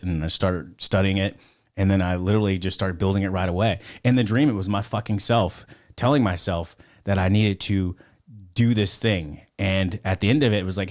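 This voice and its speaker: A man's voice: on the low side, fairly quick. A man telling rambling stories as a podcast guest, swearing constantly in casual talk. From United States. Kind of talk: casual storytelling.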